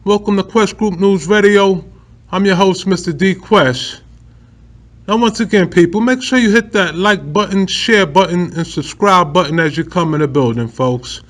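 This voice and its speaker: Animated man hosting casual news talk. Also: sits high, moderate pace. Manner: animated, laughs often, slangy asides. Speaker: news commentary host.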